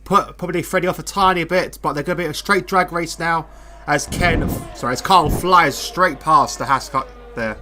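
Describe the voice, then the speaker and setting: A young man doing live sim racing commentary, excitable and jokey, greeting chat viewers. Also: on the high side, moderate pace, background noise.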